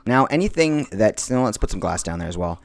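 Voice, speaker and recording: Walking his viewers through a video game build, this Minecraft let's-play host chats casually, full of fillers and restarts. His voice sits on the low side, gravelly and very animated, moving a little fast.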